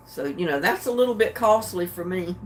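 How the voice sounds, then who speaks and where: Livestream host, older woman, homey easygoing chatter, relaxed and a bit sleepy. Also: on the low side, fairly quick, slight background noise. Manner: chatty, homey, chuckles often. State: drowsy and relaxed. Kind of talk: casual chat with live viewers.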